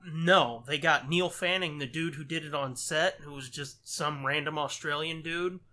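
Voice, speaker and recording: Bright-voiced, swearing podcast host. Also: male voice, a little high, normal speed. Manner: profane, rambling storyteller. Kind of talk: casual movie commentary chat.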